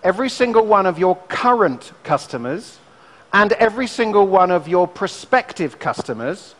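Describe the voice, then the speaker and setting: A British man giving a motivational business keynote, telling stories with animated, punchy emphasis. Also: high voice, moderate pace, long reverb tail. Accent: British English. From Britain.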